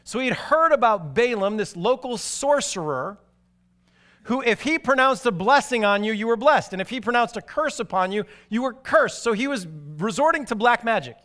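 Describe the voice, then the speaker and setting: A man preaching a sermon, telling stories animatedly and moving from excited to hushed and grave. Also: extremely high pitch, normal speed. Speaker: pastor.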